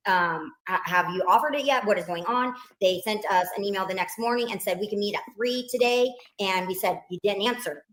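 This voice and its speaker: A woman's voice: medium pitch, a little fast, few pauses, fairly bright tone. Grieving mother, earnest and upset, echoey interview audio. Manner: earnest, upset, retelling in detail. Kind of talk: emotional interview recounting events. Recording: roomy played-back interview clip.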